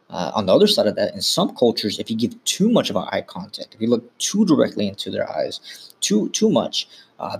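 A man's voice: lowish voice, vocal fry, breathy edge. A man hosting a podcast, talking informally and instructively in a casual monologue, often correcting himself mid-sentence. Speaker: podcast host.

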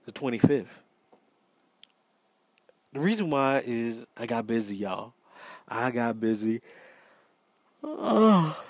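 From a small home studio, an American man hosts a casual solo podcast, talking in a chatty, repetitive way and calling his listeners "y'all." He sounds a little sleepy and yawns. His voice is medium in pitch, with no echo.

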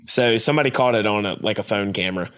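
Guy hosting a podcast, lowish voice, laughs a lot and gets animated telling stories. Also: fast. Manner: laughs often, animated storytelling. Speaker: podcast host. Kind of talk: casual chat.

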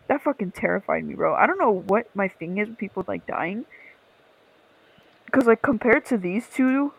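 A woman's voice: medium pitch, animated, brisk, dry recording, low-quality recording. A young woman co-hosting a podcast, telling a story in casual chat with lots of swearing and laughter.

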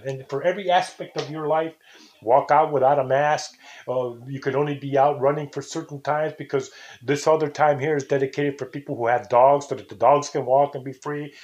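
A man's voice: a little high, a little mellow. An older man hosting a casual talk show, rambling and indignant, sometimes imitating how people say things. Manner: rambling, indignant, mimics intonations. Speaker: podcast host.

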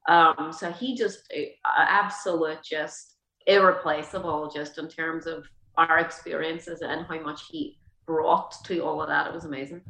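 Chatty Irish woman, low voice. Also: steady tone, a little slow, bright, forceful tone. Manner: chatty, full of "like" and "you know". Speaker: guest. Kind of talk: casual chat. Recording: roomy echo.

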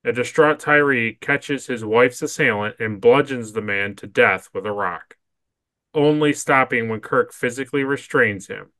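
Bright-voiced man reading an episode recap. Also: medium pitch, moderate pace, dry recording. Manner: laughs often, stammers when giving opinions. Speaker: podcast co-host.

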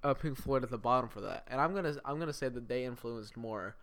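A man's voice: medium pitch, quick pace, a bit bright. Rambling young man chatting casually. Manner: rambling, laughs often, restarts. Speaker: podcast co-host. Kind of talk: casual chat.

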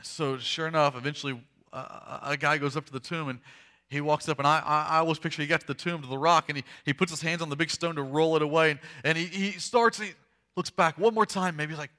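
A man preaching a sermon, retelling a story dramatically, acting out the voices and swinging from hushed to loud. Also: a little high, brisk. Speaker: pastor.

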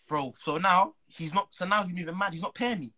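A young man, a footballer telling an animated, slang-filled story as a guest. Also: high-pitched, brisk, rough recording. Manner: animated, slang-heavy, acts out the people he quotes. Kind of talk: casual storytelling.

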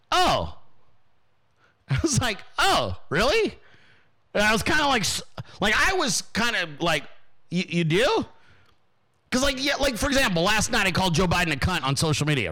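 High, bright-voiced profane man. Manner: profane, animated storytelling. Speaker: podcast host. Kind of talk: casual monologue.

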